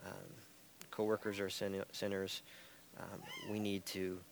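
A man's voice: sits low, completely flat delivery, measured pace, vocal fry, slight background noise. A man teaching an interactive Bible study class in a church room. He tags his points with "right?" and light chuckles.

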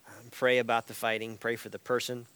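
A man's voice: mid-range voice, level tone, fairly quick, a bit bright, smooth. A man teaching an interactive Bible study class in a church room. He tags his points with "right?" and light chuckles.

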